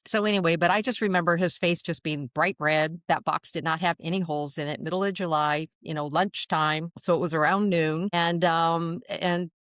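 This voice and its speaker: Chatty woman in her sixties, smooth voice. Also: low voice, fairly even intonation, normal speed, few pauses, a bit bright, no echo, studio quality. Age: 60s. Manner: chatty, laughs often, many fillers. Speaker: guest channeler. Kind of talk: storytelling in a podcast interview.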